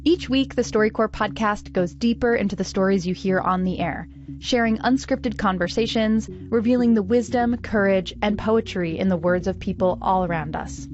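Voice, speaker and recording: A woman host giving a scripted promo read in a smooth, even announcer delivery. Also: mid-range voice, normal speed. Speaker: podcast host. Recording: dull, lo-fi sound.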